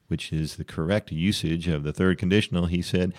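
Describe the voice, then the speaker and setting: Male radio DJ, very low voice, easygoing patter, breaks off to teach phrases. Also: steady tone, darkish tone. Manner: chatty, explains phrases slowly and carefully. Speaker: radio host. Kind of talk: casual radio DJ chat with language teaching.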